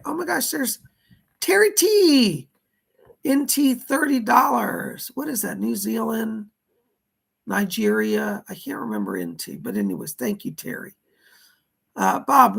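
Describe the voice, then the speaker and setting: A middle-aged man giving live psychic readings, with a hoarse voice that is going and a chatty manner as he reads out viewer donations and questions. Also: high-pitched, a bit bright. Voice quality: gravelly. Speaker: psychic medium.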